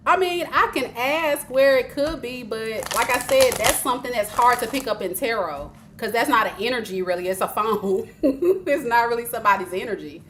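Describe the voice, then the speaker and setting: A woman's voice: on the high side, a little fast, few pauses, fairly bright tone, slight background noise. A woman giving live tarot readings to viewers, chatty and teasing, breaking into laughter often and speaking straight to her audience. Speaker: tarot reader.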